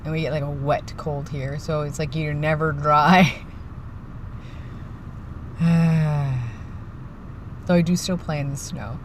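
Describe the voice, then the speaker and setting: A vlogger from the East Coast talks to a phone camera from inside a parked winter car, chilled and short on sleep. The chat rambles loosely, at a mid pitch, and now and then drops into hushed, half-mumbled asides. A faint engine and car hum sits behind the voice. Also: steady tone, slow, pauses often. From East Coast of Canada. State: cold and tired, yawning. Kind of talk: casual vlog chat.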